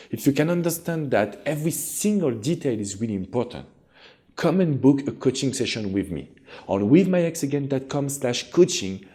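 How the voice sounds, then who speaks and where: A man's voice: mid-range voice, dark tone. A man with a French accent giving relationship advice directly to his viewers as a coach, in an earnest and encouraging way.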